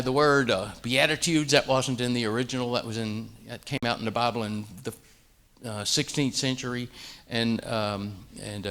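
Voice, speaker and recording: A man's voice: medium pitch, fairly bright tone. A man giving a Bible lesson, folksy and hesitant, full of fillers and chuckling asides. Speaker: Bible teacher. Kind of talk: sermon-style Bible teaching.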